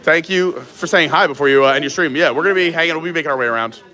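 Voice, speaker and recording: Bright-voiced man chatting on a live stream. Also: on the high side, very fast. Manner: chatty, thinks aloud with many fillers. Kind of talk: casual live-stream chat. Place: outdoors at a theme park.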